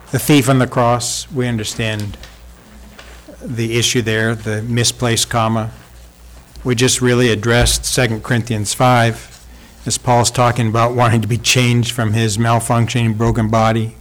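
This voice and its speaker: A male preacher delivers an emphatic sermon in a church hall. His voice sits at an ordinary middle pitch, and he presses the congregation with rhetorical questions as he walks them through his points. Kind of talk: sermon with visual aids.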